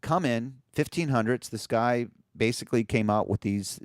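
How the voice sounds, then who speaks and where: A man co-hosting a casual radio talk show, chatting in an animated, joking way with frequent restarts. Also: mid-range voice, moderate pace, dry recording, studio quality. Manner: animated, jokey, puts on voices in quotes. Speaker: podcast co-host. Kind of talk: casual conversation.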